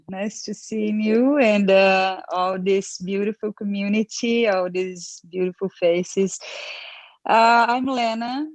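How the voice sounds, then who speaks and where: A tired woman speaks as a panel guest on a video call, slow and dreamy in her delivery. The sound is dry and close, with no room around it. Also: medium pitch, steady tone, dry recording. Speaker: yoga and dance teacher, panel guest.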